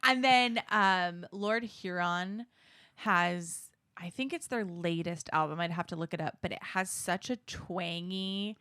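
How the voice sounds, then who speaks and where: A woman's voice: on the low side, takes it slowly, pushed and bright, clean tone, dry recording. A woman co-hosting a podcast in casual chat, chatty and upbeat, laughing easily. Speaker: podcast co-host.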